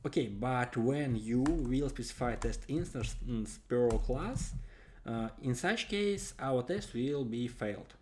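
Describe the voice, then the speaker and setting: Slow, halting man explaining code. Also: mid-range voice, animated, a little mellow, slight background noise. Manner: halting, frequent hesitations while typing code. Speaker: coding tutorial host. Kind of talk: screen-recorded coding tutorial. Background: keyboard typing and clicks.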